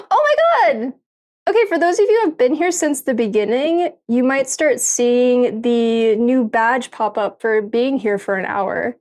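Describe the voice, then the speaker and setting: A woman's voice: on the high side, measured pace, hardly any pauses, darkish tone. A young woman streaming live from her kitchen, chatting casually with viewers and her pets, laughing often and swearing freely. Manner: giggly, swears freely, talks to chat and pets. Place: home kitchen.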